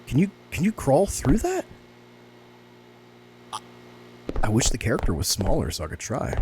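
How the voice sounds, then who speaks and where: A man giving excitable, sarcastic let's-play commentary on a horror game as a gaming YouTuber. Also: mid-range voice, moderate pace, noisy background.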